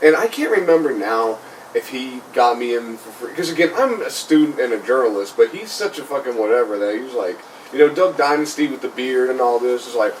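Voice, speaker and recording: Speaking briskly in a mid-range voice with lively intonation, a young man hosting a podcast rambles through a funny ghost story packed with "like." He's recorded on a slightly distant mic with a little faint noise.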